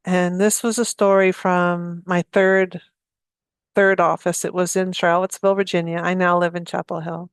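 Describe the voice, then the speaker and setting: A woman giving a talk, telling a story from her healing practice in a soft, conversational way. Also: lowish voice, flat delivery, normal speed, clean tone, no room sound, studio quality. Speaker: speaker giving a free talk.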